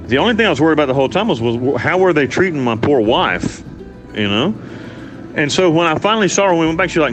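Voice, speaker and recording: A man's voice: on the high side, sing-song, fast, a bit bright, soft background music. Blunt, profane American man telling his story. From United States. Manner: blunt and profane, rambling with restarts. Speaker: interview guest. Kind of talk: candid storytelling.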